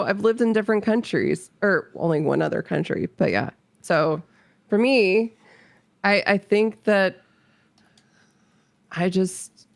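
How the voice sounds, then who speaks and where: A woman with a gravelly edge to her voice chats casually as a guest, laughing often and restarting her sentences. The sound is close and dry. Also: mid-range voice, no echo. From North Carolina, US. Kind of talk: casual chat.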